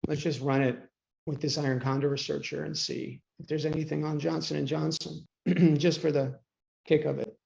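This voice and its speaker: A man coaching traders on a live online call, chatty and often clearing his throat. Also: fairly high pitch, little pitch movement, moderate pace, darkish tone. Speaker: trading coach. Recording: dull lo-fi call audio.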